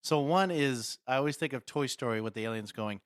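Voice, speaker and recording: A man co-hosting a podcast, riffing on ideas in an animated, casual way. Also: medium pitch, brisk, smooth, no echo, clean studio sound. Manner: animated, riffs on ideas, laughs. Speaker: podcast co-host. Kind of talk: casual chat.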